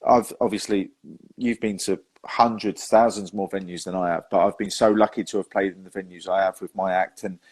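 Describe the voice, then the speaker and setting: Chatty man, low voice. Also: fairly even intonation, brisk. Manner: chatty storyteller, laughs often, says "mate". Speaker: host and magician. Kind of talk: casual podcast chat.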